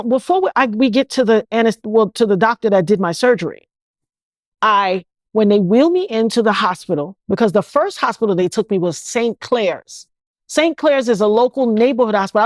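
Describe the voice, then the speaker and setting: A middle-aged woman from New York, an interview guest telling her own story in an animated, indignant way and slipping into other people's voices. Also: on the high side, fairly quick, no echo. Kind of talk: emotional first-person storytelling.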